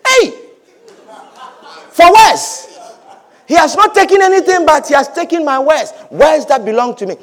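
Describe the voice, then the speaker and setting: A man preaching a sermon as a pastor, swinging between quiet, drawn-out words and shouted blessings. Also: very high-pitched, very animated.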